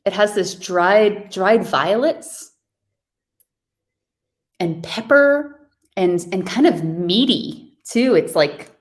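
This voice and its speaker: A woman's voice: medium pitch, lively intonation, slow, long pauses. A woman from New York hosting a virtual wine tasting over a video call, chatting casually and describing wines with enthusiasm.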